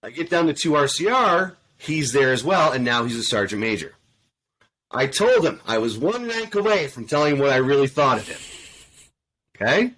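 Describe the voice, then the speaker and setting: A man's voice: medium pitch, normal speed. A man, a podcast panel guest, telling an army story bluntly and profanely, swearing constantly and acting out the dialogue. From Canada. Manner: animated, acts out quoted dialogue. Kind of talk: casual storytelling in a round table.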